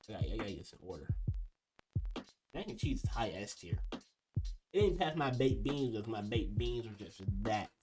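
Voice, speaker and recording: Rambling young man over background music. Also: mid-range voice. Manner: rambling, trailing off and restarting. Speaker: video creator ranking food. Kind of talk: casual commentary. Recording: music playing behind.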